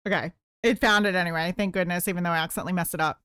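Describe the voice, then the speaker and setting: A woman's voice: fairly low pitch, steady tone, very fast, fairly bright tone, smooth, no room sound, studio quality. A woman chatting casually on a live stream while she crochets, playful and reading chat aloud.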